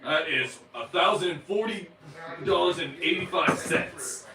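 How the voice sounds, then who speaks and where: A man co-hosting a casual live-stream chat, giving quick, upbeat short replies. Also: fairly high pitch, lively intonation, gravelly, a crowd in the background. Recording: echoey room, mic at a distance, faint noise.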